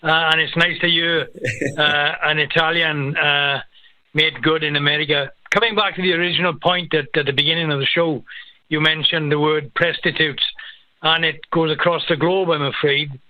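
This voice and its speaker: Indignant British caller on a phone line. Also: male voice, on the high side, steady tone, moderate pace, no room sound. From United Kingdom. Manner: earnest, indignant, stammering. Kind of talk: call-in commentary. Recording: dry tinny phone line.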